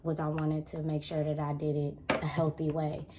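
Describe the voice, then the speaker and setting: A woman's voice: normal speed, background noise. A young woman vlogging casually to camera, telling a personal story and acting out quoted arguments. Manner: animated, acts out quoted arguments in a higher voice.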